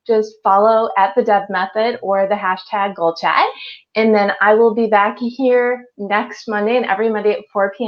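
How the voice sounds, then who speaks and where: Woman, host, live online interview, upbeat, encouraging, higher voice, slightly muffled stream audio. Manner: upbeat, encouraging, laughs easily.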